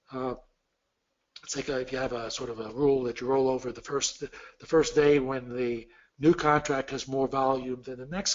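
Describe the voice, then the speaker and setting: A man being interviewed, explaining methodically step by step with examples. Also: fairly high pitch. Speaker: interview guest explaining futures trading. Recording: dull lo-fi recording.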